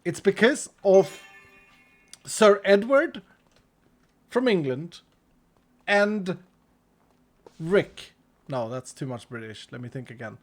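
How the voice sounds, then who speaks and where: This casual gaming chat comes from a Swedish-accented man from Sweden who rambles playfully and drifts into jokes. His high voice is very animated, yet he speaks slowly and leaves long pauses.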